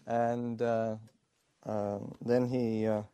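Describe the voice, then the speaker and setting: A man, a Buddhist monk, telling a story in a dharma talk, halting with many pauses and fillers and chuckling along the way. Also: medium pitch, mellow, clean tone.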